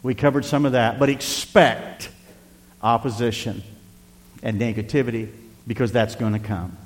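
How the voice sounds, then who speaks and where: Older guy preaching, folksy pastor, gets loud then quiet, big hall echo. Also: mid-range voice, steady tone, moderate pace. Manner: folksy, varies loudness for emphasis, occasional chuckles. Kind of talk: sermon.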